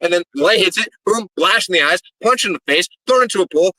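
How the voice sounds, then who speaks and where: A man's voice: high voice, animated, brisk, few pauses, sharp tone, no echo, low-quality recording. A man, a pro wrestler, cutting a brash, profane promo and rambling and stammering through interview answers.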